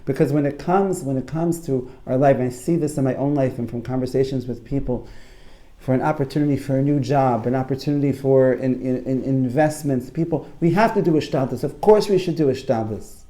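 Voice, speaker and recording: Man coaching thru a torah talk, mellow voice, lots of restarts and repeats. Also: mid-range voice, a little fast. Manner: animated storyteller, repeats phrases, many restarts. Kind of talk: Torah talk to a live audience.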